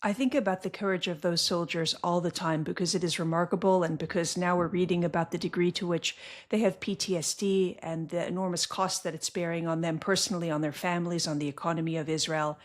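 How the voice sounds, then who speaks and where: A woman's voice: lowish voice, fairly even intonation, quick pace, hardly any pauses. A woman hosting an interview podcast who reads a scripted intro and asks earnest, enthusiastic questions. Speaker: podcast host.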